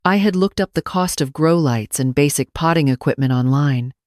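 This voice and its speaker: An older woman narrating a first-person story in a measured, calm, reflective way. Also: low voice, no room sound, studio quality.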